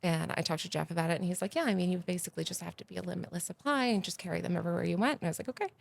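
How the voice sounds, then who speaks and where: Animated woman, low gravelly voice, casual interview storytelling. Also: rapid-fire, slight background noise. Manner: animated, gets loud and excited retelling stories. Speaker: podcast guest, agency founder.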